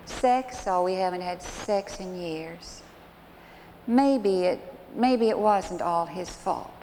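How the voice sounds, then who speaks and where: A woman's voice: on the low side, takes it slowly, dark tone. Woman doing a bitter teary wife pleading, hall reverb behind. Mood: rueful. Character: distraught, bitter middle-aged wife. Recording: long hall reverb, faint noise.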